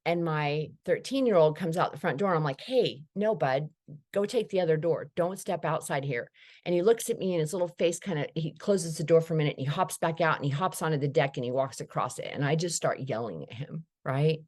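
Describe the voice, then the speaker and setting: Woman, low voice, middle-aged, candid storyteller, recovery talk. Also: fast talker, few pauses, darkish tone. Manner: candid, storytelling, acts out quoted dialogue. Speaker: speaker sharing recovery story.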